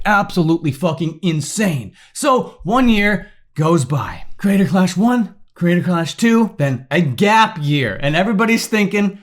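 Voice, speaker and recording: A man delivering a heated, sarcastic commentary rant, swearing often and breaking into shouts. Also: high voice, lively intonation, moderate pace, few pauses. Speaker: commentary YouTuber. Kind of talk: ranting commentary.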